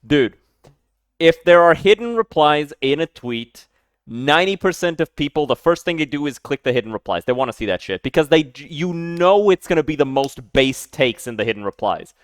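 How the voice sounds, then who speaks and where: Male streamer, casual live reaction, hot-tempered, animated delivery, dry close sound. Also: fairly high pitch, normal speed, smooth, no echo. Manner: heated, swearing, loud sudden outbursts.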